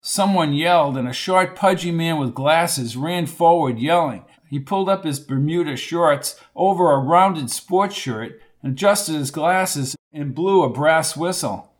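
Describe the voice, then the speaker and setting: A man, the author, narrating his own audiobook in a plain, steady storytelling manner. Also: a little high, unhurried, hardly any pauses, slight background noise.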